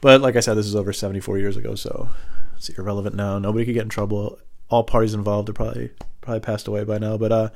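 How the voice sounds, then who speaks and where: A man telling rambling comic stories in a deadpan way, jumping into high squeaky voices when he quotes other people. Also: racing, gravelly. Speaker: comedian. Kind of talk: rambling storytelling monologue.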